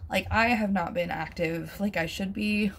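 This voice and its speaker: A woman vlogger chatting casually through an unboxing, gushing and excitable, with fillers and the odd swear word. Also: mid-range voice, normal speed, a little hiss or hum. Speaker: vlogger reviewing bath products.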